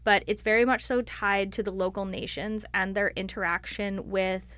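A woman's voice: mid-range voice, fairly even intonation, moderate pace, sharp tone. A woman on staff answering interview questions in a thoughtful, explanatory way, often using "like" as a filler. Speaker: library staff member.

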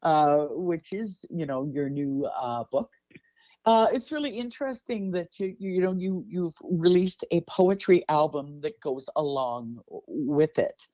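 A man's voice: on the high side, animated, a little slow, warm tone, no echo. A man hosting an interview in a casual, rambling way, full of fillers and restarts. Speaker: interview host. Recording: dull, dry lo-fi audio.

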